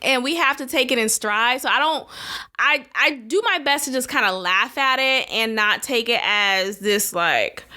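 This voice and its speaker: A woman host talks through her take in a loose, candid commentary style and laughs easily. Her voice sits a bit high and comes across very bright and clear. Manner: blunt, frank and laughing. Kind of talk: casual opinion commentary.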